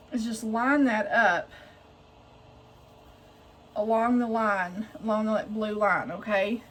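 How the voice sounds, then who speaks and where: A woman's voice: medium pitch, steady tone, takes it slowly, pauses often, a bit bright. A woman, chatting casually and thinking aloud to her viewers while she shows her sewing in a home sewing room. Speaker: sewing vlogger.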